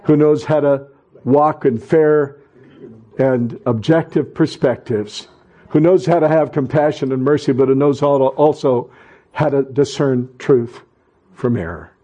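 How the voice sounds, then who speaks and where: A middle-aged male pastor preaching a sermon, fervent and repetitive, swelling into loud exhortation and stumbling into restarts during asides. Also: medium pitch, unhurried, rough recording.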